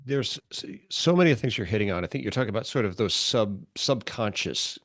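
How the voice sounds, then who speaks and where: A man's voice: on the low side, lively intonation, a little fast, a bit bright, no echo, clean studio sound. A man hosting a podcast interview, reflecting on what his guest said. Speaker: podcast host.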